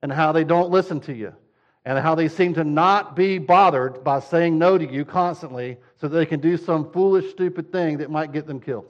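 A man's voice: on the high side, normal speed, muffled recording. A male pastor preaching a sermon, direct and conversational, using emphatic repetition.

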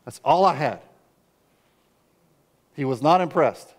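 A middle-aged man preaching a sermon as a pastor, earnest and story-driven, with sudden loud outbursts when he acts out his own cries. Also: a little high, expressive, slow pace, breathy edge.

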